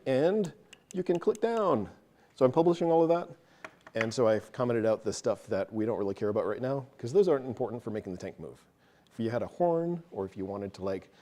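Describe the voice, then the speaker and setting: Mellow-voiced man walking through code. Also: mid-range voice. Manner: casual, self-deprecating, explains step by step. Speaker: meetup presenter. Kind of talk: live technical walkthrough of code.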